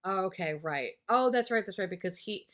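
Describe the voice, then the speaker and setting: A woman's voice: medium pitch, lively intonation, a little fast, a bit bright. Laughing, crude woman podcaster. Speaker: podcast co-host. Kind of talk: casual chat.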